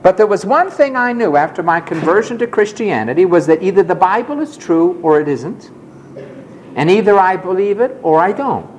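A man's voice: sits high, animated, normal speed, slight background noise. A man preaching a sermon, telling a personal story with emphatic, dramatic delivery and acting out the people he quotes.

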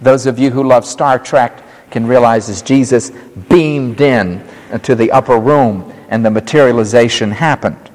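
A man's voice: mid-range voice, measured pace, few pauses, a little mellow. A man preaching a sermon, teaching through a Bible passage with dramatic storytelling and acted-out quotes, in a large hall.

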